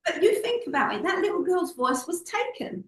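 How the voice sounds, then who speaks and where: Her voice is extremely high-pitched and moves at a normal speed as she, a public speaking coach, tells stories as an interview guest. She is expressive and imitates voices within her anecdotes. The recording is rough and roomy.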